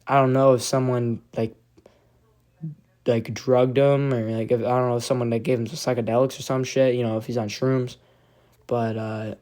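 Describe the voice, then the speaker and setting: A man's voice: mid-range voice, darkish tone. A man talks in a loose, rambling fan reaction, stumbling over his words and restarting often. He swears a lot and sounds agitated and frustrated. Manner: rambling, profane, many restarts. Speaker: MMA fan commentator. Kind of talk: casual reaction vlog.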